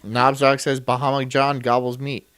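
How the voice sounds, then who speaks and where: A man's voice: medium pitch, flat delivery, normal speed, fairly bright tone, clear, resonant tone, no room sound. A man streaming, reacting to a video in rambling, crude and self-mocking casual chat.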